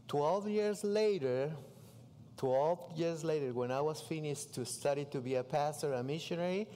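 Man, Mexican Spanish accent, pastor, animated storytelling sermon, broken English, slightly high pitch, reverberant church. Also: moderate pace. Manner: animated storytelling, broken English, acts out his own dialogue. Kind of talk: sermon testimony.

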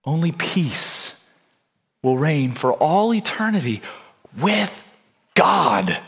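A man preaching a sermon in a slow, deliberate way, building to impassioned, near-shouted passages. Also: fairly high pitch, big pitch swings, vocal fry, breathy edge, in a large hall. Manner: slow, deliberate delivery with long pauses. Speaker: pastor.

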